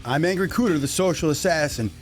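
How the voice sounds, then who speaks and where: A man's voice: on the high side, expressive, fast, slight background noise. A middle-aged man co-hosting a podcast in casual chat, with crude, joking banter. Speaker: podcast co-host.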